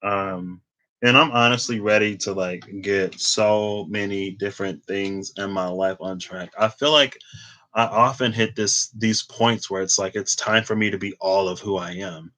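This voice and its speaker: Rambling low-voiced man reading tarot. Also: fairly even intonation, unhurried, bright, forceful tone. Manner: rambling, thinking aloud, heavy on "like"; laid-back, laughs at himself. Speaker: tarot reader. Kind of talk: casual tarot reading monologue.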